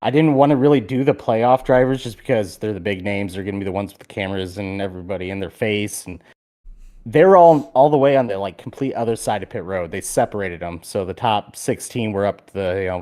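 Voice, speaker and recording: A man co-hosting a podcast in casual chat, telling a story with animated energy and plenty of swearing. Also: lowish voice, a little fast. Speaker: podcast co-host.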